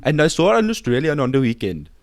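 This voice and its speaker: A man's voice: on the high side, very animated, fast, pitched above the performer's own voice. A man putting on a to voice a chatty comic man in a podcast bit. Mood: mocking. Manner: exaggerated sing-song impression. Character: comic Indian man named Vinny, chatty.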